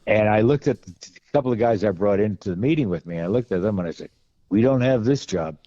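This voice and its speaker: Low mellow man telling wry anecdotes. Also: fast, dry recording, muffled recording. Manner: rambling, wry, many restarts and fillers. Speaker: podcast guest, film costume and gun expert. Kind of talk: casual anecdotal storytelling.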